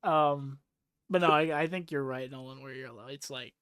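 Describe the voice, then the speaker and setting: A man's voice: mid-range voice, normal speed, a bit bright, smooth, dry recording. A young man hosting a casual podcast chat, rambling with lots of fillers and swearing freely as he recaps a story. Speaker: podcast host.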